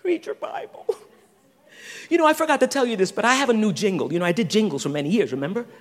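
A man preaching a sermon, animated, swinging between loud and hushed with quick asides. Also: high-pitched. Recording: long reverb of a large hall.

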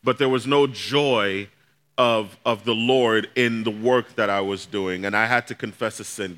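Bright-voiced pastor man telling a story. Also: mid-range voice, slow pace. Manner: storytelling, conversational, addresses the congregation directly. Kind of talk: sermon.

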